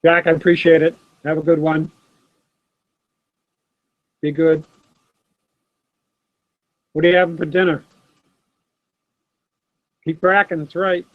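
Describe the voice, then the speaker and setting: A middle-aged man hosting a live sports card stream talks slowly with a flat delivery, often pausing, in a voice on the high side with no echo. He's casually chatting from his home desk and naming viewers as he answers them, recorded through a laptop's built-in camera mic that sounds dull and dry.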